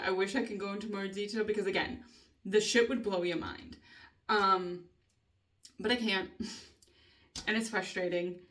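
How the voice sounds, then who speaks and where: A woman's voice: medium pitch, far from the mic. A woman vlogger venting in a rambling, casual way, swearing heavily and laughing often between thoughts. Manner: rambling, heavy swearing, frequent nervous laughter.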